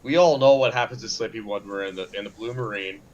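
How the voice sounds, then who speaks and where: A man's voice: lowish voice, fast, highs cut off, slight background noise. A man co-hosting a live stream, chatting animatedly, laughing a lot and acting out quotes. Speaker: stream co-host. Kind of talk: casual live-stream chat.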